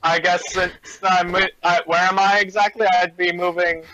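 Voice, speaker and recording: A man's voice: high-pitched, flat delivery, moderate pace, muffled recording, crowd noise. A man playing in a tabletop game over an online call, talking casually and hesitantly, often restarting. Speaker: player. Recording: loud background noise on the call.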